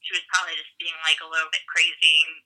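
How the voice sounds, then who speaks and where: A woman's voice: deep voice, monotone, rapid-fire, bright, forceful tone, low-quality recording. A young woman guesting on a podcast, chatting in a gushy, conversational way with lots of "like". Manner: gushy, conversational, says "like" often. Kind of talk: casual podcast chat.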